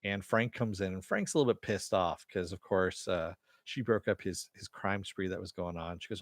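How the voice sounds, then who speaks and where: Low-voiced man recapping a TV episode. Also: brisk, hardly any pauses, no room sound, studio quality. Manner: rambling, filler-heavy retelling with chuckles. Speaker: TV episode reviewer.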